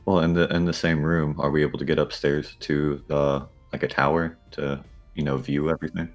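A man's voice: rumbling low, flat delivery, brisk, soft background music. A man playing a tabletop game, laying out plans and asking questions. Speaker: player.

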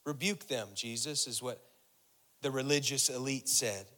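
A man's voice: mid-range voice, measured pace, pushed and bright. A man preaching a sermon, repeating phrases for emphasis and building intensity as he reads and explains scripture. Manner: preaching with rising intensity, voicing Jesus' words. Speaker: pastor.

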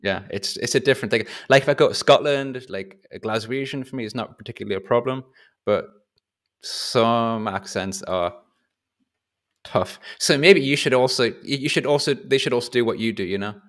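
A man's voice: mid-range voice, moderate pace, a bit bright. A man from the North of England with a Northern English accent, hosting a casual podcast chat in a rambling, chatty way. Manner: chatty, rambling, restarts often. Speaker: podcast host.

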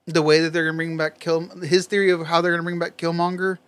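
A man's voice: fairly high pitch, little pitch movement, fast talker, a bit bright, smooth. Profane, rambling man in casual chat. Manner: loose, profane, rambling storytelling. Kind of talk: casual chat among friends.

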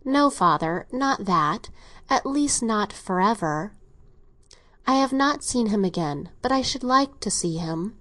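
A woman's voice: mid-range voice, lively intonation, unhurried, a bit bright. A woman reading an audiobook, voicing a timid, devoted young daughter in an earnest, pleading way.

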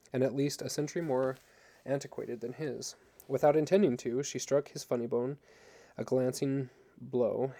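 A man reads a novel aloud at an even, measured pace. His voice is dark and mellow. A gravelly texture runs through his words. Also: medium pitch. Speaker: narrator. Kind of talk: audiobook reading.

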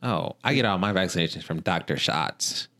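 A man co-hosting a casual chat show, trading dry, deadpan jokes. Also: sits low, normal speed. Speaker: podcast co-host.

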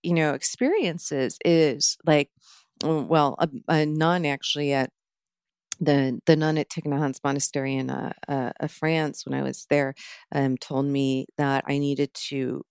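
A low-pitched woman talks through a mindfulness practice in a relaxed podcast conversation. She is calm and earnest and walks through each step with plenty of fillers. The recording is close and dry. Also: a little slow, smooth, no room sound. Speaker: mindfulness teacher. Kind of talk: casual podcast chat.

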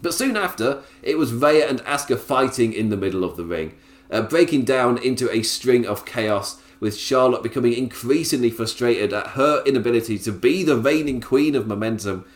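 A man's voice: medium pitch, lively intonation, normal speed, reverberant. A man giving a casual, chatty review of a wrestling show. He laughs often and talks in loose, filler-heavy bursts. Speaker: wrestling podcaster.

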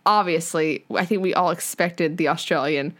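A woman's voice: fairly low pitch, normal speed, a bit bright. A woman co-hosting a podcast in casual chat, talking freely with lots of fillers and casual swearing. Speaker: podcast co-host.

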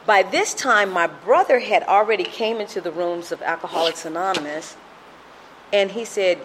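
A woman's voice: mid-range voice, normal speed, fairly bright tone, a little hiss or hum, low-quality recording. A middle-aged woman sharing a personal recovery testimony in an earnest storytelling manner, acting out the voices she quotes.

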